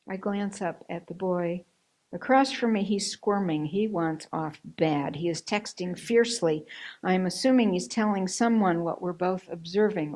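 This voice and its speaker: A woman's voice: lowish voice, rough recording. A woman minister preaching a sermon in a church, telling a personal story in an earnest way and acting out the dialogue she quotes. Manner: hushed, whispered recitation of a poem. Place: church sanctuary.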